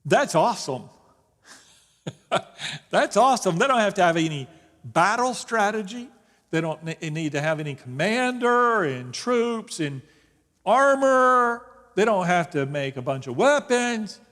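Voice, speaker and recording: A man's voice: high-pitched, big pitch swings, measured pace, fairly bright tone. A man, a pastor, teaching a Bible study in a casual, joking way, often restarting his sentences. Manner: conversational, joking, with frequent restarts. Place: church sanctuary. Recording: long reverb in a church hall.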